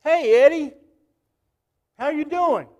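A preacher voicing a loud, excitable baseball manager who shouts in disbelief. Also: male voice, very high voice, takes it slowly, voice pushed up. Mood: boisterous. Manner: incredulous, shouting.

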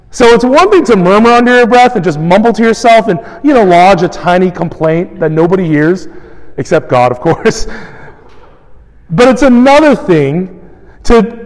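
High-voiced male pastor in a reverberant hall. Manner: conversational, animated, acts out quoted complaints. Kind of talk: sermon.

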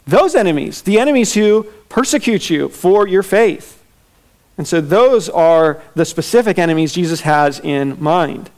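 A man's voice: sits high, expressive, unhurried. A man preaching an expository sermon, teaching earnestly and repeating his key questions for emphasis. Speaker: pastor.

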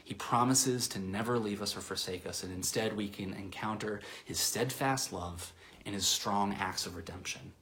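A man with a lowish voice preaches a sermon in a loose, conversational way. He fills his sentences with little hesitations and restarts, and his voice sometimes sinks to a soft near-whisper. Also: moderate pace. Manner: conversational, with many fillers and restarts. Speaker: pastor.

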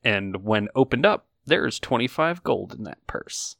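A man narrating a tabletop game as game master and podcast host, in a slow, drawn-out storytelling manner. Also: medium pitch, expressive, creaky, fairly bright tone, no echo, studio quality.

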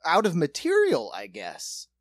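A man in casual podcast chat, telling a profane, animated story and slipping into quick character voices. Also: a little high, no room sound.

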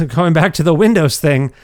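A middle-aged man spins a casual, self-deprecating anecdote, his pitch sitting a bit high. His voice is smooth and resonant, heard close and dry. He talks in an animated way and trips over his own words. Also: a little slow, no echo. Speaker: podcast storyteller. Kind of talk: casual storytelling.

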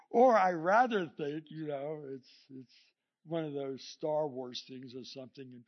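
A male pastor preaching a sermon, telling stories with lively energy, acting out quotes and chuckling often. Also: on the high side, slow. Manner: animated storytelling, acting out the scripture quotes; chuckles often between points. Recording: dull lo-fi sermon recording.

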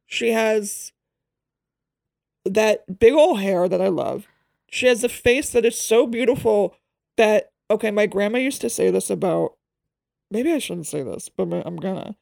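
A woman co-hosting a podcast in casual chat, talking in digressive runs full of quick asides. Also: medium pitch, vocal fry, a little mellow, no room sound, clean studio sound. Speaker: podcast co-host.

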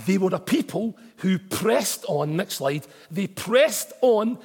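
A man preaching a sermon as pastor, emphatic and building to forceful repeated declarations. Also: high-pitched, animated, takes it slowly, husky, long reverb tail. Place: church auditorium.

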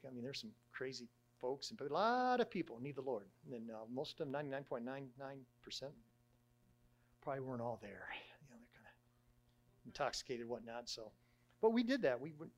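A middle-aged man, a church elder, giving a conversational sermon in a halting way, with frequent restarts and fillers. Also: medium pitch, animated.

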